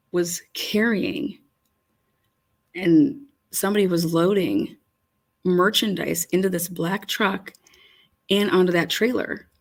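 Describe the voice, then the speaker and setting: A woman with a slightly low voice talks through video footage in a loose, rambling way. She swears freely and sounds openly incredulous as she tells her story. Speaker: commentator on footage. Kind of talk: casual commentary over video.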